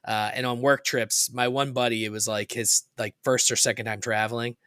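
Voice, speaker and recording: A man's voice: mid-range voice, normal speed, smooth, no echo, clean studio sound. A man co-hosting a podcast, telling rambling stories in casual chat and voicing the people he quotes with animation. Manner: rambling storyteller, animated when quoting people. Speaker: podcast co-host.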